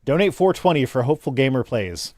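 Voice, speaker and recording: A man's voice: mid-range voice, animated, brisk, darkish tone, no room sound. A man hosting a charity livestream, chatting loosely, swearing and reading out donations on a home streaming mic. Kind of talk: casual livestream chat.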